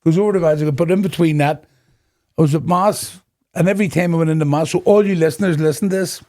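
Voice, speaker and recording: Speaking quickly in a slightly high voice, a middle-aged man with a Northern Irish accent recounts his own story as an interview guest. He plays out the dialogue with lively energy and breaks into laughter, a personal testimony on a podcast.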